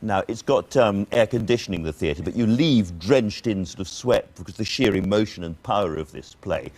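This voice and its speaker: A man's voice: fairly low pitch, lively intonation, moderate pace, a little mellow. A man hosting a television talk show, interviewing a guest in a conversational, probing way.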